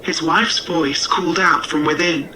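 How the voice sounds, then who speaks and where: Slow bright-voiced male narrator. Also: fairly high pitch, fairly even intonation, far from the mic, a little hiss or hum, rough recording. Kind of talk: scripted storybook narration.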